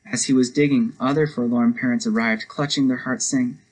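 A man's voice: mid-range voice, steady tone, fairly quick, rough recording. A man preaching a devotional sermon, telling a story earnestly and then leading a prayer. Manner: earnest storytelling, speeds up for quoted lines.

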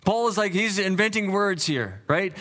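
A middle-aged male pastor delivers a teaching sermon in an earnest, explanatory way. His voice sits a little higher than most men's. He backs up and restarts phrases as he unpacks the meaning of words for his listeners. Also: expressive, moderate pace, bright, forceful tone. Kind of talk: expository sermon.

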